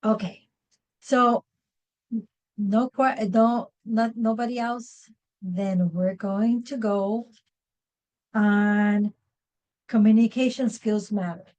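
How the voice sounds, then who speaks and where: A woman leads a workshop in a meeting room, speaking at an unhurried pace in a mid-range voice. She often restarts her sentences and fills pauses with "um". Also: mid-range voice, fairly even intonation, a little mellow, highs cut off. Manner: slow, many fillers and restarts. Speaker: workshop presenter. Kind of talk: live seminar talk.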